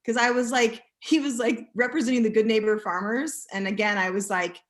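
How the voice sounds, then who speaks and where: A woman chatting casually and telling lively stories, acting out what people said. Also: medium pitch, fairly quick. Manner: animated storyteller acting out quotes. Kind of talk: casual chat.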